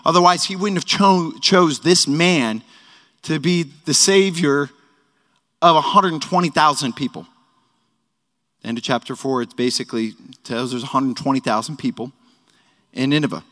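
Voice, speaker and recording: Guy in his 30s giving a laid-back jokey sermon, bit higher voice, lots of hall echo. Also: normal speed, pauses often, bright, forceful tone. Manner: casual and joking, with lots of "like" asides. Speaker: teacher at a worship service. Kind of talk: conversational sermon teaching. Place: worship hall. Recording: echoey hall reverb.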